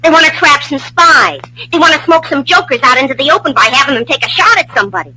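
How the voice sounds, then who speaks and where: A woman's voice: high voice, animated, fast, very noisy. A woman playing a brash young wife of an army lieutenant, wisecracking and indignant, in 1940s radio acting style.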